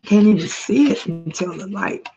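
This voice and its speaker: A woman hosting a casual live chat while eating, greeting viewers by name in a slow, drawling way. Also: medium pitch, animated, mellow, soft background music. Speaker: livestream host. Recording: dull lo-fi livestream audio.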